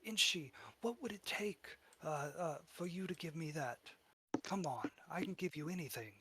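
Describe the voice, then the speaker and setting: A man's voice: a little high, lively intonation, moderate pace, bright, forceful tone, husky, pitched above the performer's own voice, exaggerated voice. A man voicing a shapeshifting male goblin who pleads and coaxes in a raised, half-whispered voice. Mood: wheedling. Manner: pleading, coaxing, partly whispered.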